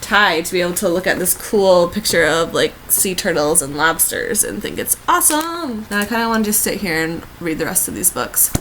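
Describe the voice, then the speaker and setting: A woman's voice: on the low side, sing-song, normal speed, few pauses, a bit bright, a little hiss or hum, poor audio. A woman in her twenties from the United States, sick and chatting from her bed in a gushing, chatty book vlog. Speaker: book vlogger. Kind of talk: casual vlog chat. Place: in bed at home.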